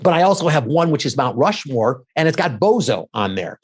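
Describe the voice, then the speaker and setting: Middle-aged male commentator guest, talks fast and lively, acts out the quotes he tells. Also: a little high, breathy edge. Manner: quick, animated storytelling with acted-out quotes. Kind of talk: casual interview chat.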